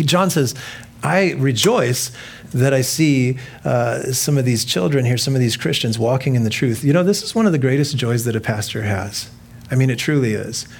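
A man pastor preaching a sermon in a casual, joking way, acting out quoted voices and laughing at himself. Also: medium pitch.

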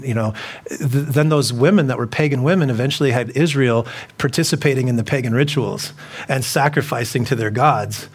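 A middle-aged man preaching a sermon to a congregation in a loose, conversational way, often repeating himself and putting questions to the listeners. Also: medium pitch. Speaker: pastor.

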